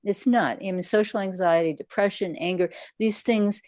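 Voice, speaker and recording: A woman's voice: mid-range voice, steady tone, moderate pace, darkish tone, dry recording. A woman Zen teacher answering questions in a livestream talk, conversational, now and then acting out people's inner voices. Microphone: livestream setup.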